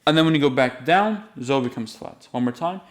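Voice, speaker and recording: A man giving a patient, step-by-step music lesson, explaining the rules and then slowly singing the note names. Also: mid-range voice, lively intonation. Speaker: music teacher.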